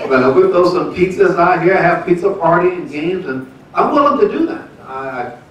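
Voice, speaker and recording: A man's voice: sits high, animated, moderate pace, highs cut off, background noise. A man in his seventies, a pastor telling a folksy, laughing story about his marriage during a church service. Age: 70s. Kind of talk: church testimony and announcements. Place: church sanctuary. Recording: echoey church room from far off.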